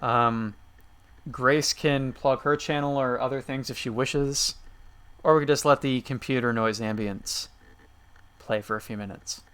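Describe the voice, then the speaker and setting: A man's voice: medium pitch, steady tone, measured pace, a bit bright, smooth. A man streaming a game, reading its messages aloud in an easygoing running commentary.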